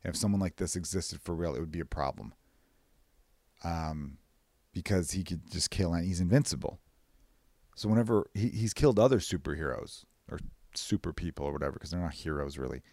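Man, podcast host, deep voice, dry recording, breathless rambling, swearing. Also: brisk, no room sound. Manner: profane, rambling, animated bursts into high-pitched mimicry. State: short of breath. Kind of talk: casual podcast monologue. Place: away from his usual recording space.

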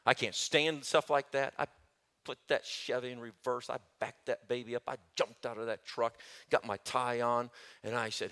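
A middle-aged man preaching a sermon as pastor, telling stories animatedly and swinging between loud and soft. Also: mid-range voice, steady tone, normal speed, clean tone.

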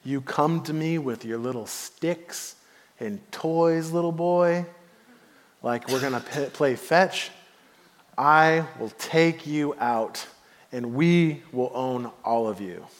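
A man doing a mocking giant warrior. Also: on the high side. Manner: taunting, slow and scornful. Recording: long hall reverb.

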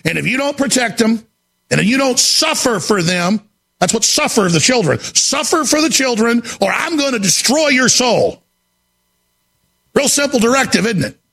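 Male talk radio host, frantic ranting delivery, bright gravelly rasp, high-pitched. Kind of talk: impassioned on-air monologue.

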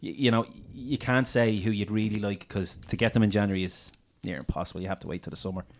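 A man's voice: lowish voice, quick pace. A man co-hosting a casual radio show, joking and laughing often. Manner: laughing, excitable, jokey. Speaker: radio co-host.

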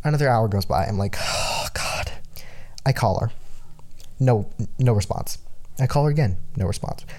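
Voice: mid-range voice, lively intonation, a little fast, warm tone. A young adult podcast host telling a story in a casual, rambling way, with lots of fillers, who acts out the voices of people being quoted.

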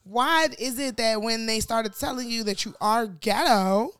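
A woman's voice: a little high, measured pace, a bit bright, clean tone, no room sound. A young adult woman co-hosting a casual pop-culture podcast, frank and opinionated, chatting with plenty of fillers. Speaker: podcast co-host.

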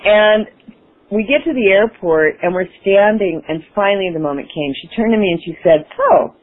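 A woman's voice: medium pitch, moderate pace. A woman guest in an interview, telling a personal story with enthusiasm, laughing and acting out her past self. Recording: phone-like radio broadcast.

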